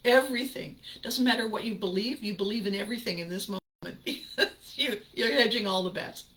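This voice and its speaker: A woman's voice: mid-range voice, brisk, fairly bright tone, low-quality recording. A woman hosting her own show, telling a personal story casually and animatedly, laughing often and acting out her reactions. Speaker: podcast host.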